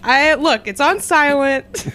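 A woman's voice: high-pitched, a bit bright. A woman co-hosting a podcast, amused and wry in casual chat.

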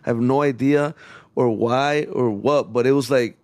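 A man's voice: medium pitch, normal speed, darkish tone. A man in a loose, casual chat, rambling with many restarts and switching into Spanish slang.

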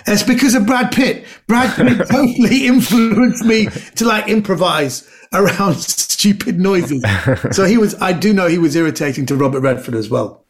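A man, a comedian and actor, telling animated anecdotes as a podcast guest, often repeating words. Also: high-pitched, moderate pace. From Britain. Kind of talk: casual storytelling chat.

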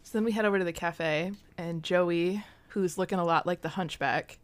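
A woman's voice: lowish voice, moderate pace, clean tone. A young woman co-hosting a podcast, casually retelling a sitcom episode with lots of "like" and "um" fillers. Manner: chatty, frequent "like" and "um" fillers. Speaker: podcast co-host.

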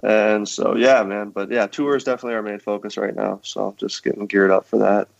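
A man's voice: fairly low pitch, level tone, fairly quick, gravelly, dry recording, dull audio. A man who is a rapper, chatting casually as a podcast guest, laid-back and swearing freely. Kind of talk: casual interview chat.

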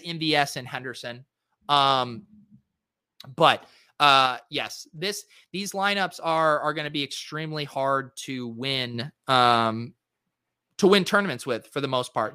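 A man hosts a casual solo review of fantasy sports lineups, thinking aloud with plenty of fillers. His voice is bright and clear. The sound is dry and close. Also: medium pitch, no room sound. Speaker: fantasy sports podcast host.

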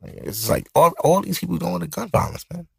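A man's voice: a little high, animated, brisk, vocal fry, a little mellow, husky, dry recording. A man in his thirties with a Brooklyn accent, hosting a podcast in casual, profane, rambling talk. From Brooklyn, New York. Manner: loose and profane, rambling storytelling. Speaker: podcast host. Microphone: studio mic.

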